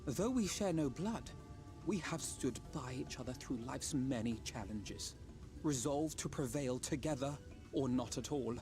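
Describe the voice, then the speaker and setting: A man's voice: mid-range voice, animated, measured pace, music in the background. An actor voicing an earnest young male scholar in a video game, who speaks with courteous, formal diction.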